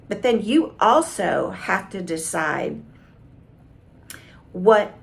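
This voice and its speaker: A woman communication coach giving calm, measured advice straight to camera. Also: mid-range voice, vocal fry. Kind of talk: direct-to-camera coaching talk.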